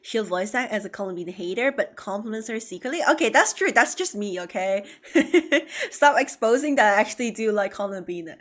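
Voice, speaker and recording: A woman streaming a video game live, commenting excitedly, laughing often and reading character lines aloud. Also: mid-range voice, a little fast.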